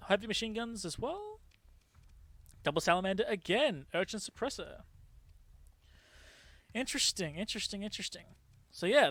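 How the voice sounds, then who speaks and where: A man casting a game tournament, excitable and laughing often, catching and correcting his own slips. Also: high-pitched, no room sound. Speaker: tournament caster. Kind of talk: casual game commentary.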